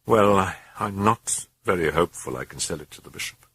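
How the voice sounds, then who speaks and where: A man voicing a troubled Jesuit priest who questions earnestly, in a husky, deep voice. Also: expressive, fairly quick, pushed and bright, no room sound, heavily acted.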